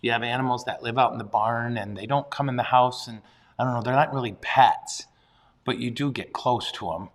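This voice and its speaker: A man who is a priest, talking casually and playfully on a livestream. His voice sits at a middle pitch. He pokes fun at himself and laughs easily. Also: fairly quick. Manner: playful, self-deprecating, chuckles often.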